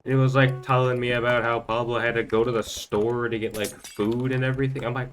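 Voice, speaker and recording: A man's voice: mid-range voice, steady tone, normal speed, few pauses, fairly bright tone. A young man telling a rambling story during gameplay commentary, full of fillers and stumbling repeats. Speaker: gaming channel host.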